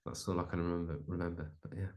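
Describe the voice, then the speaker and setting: A young man talks casually as an interview guest, restarting and padding his sentences with fillers. His voice sits a little low. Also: little pitch movement, fast, darkish tone. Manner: chatty, rambling with many restarts and fillers. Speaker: musician guest.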